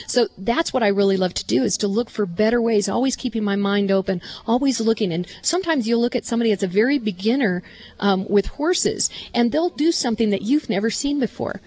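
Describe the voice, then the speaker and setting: A woman's voice: mid-range voice, a little fast, a little mellow. Earnest woman horse trainer telling stories. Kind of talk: live show conversation.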